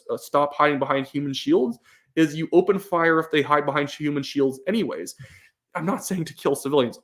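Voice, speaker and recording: A young man hosting a live stream, reading chat questions aloud and giving his opinions with many fillers and restarts. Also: on the high side. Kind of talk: casual live-stream commentary.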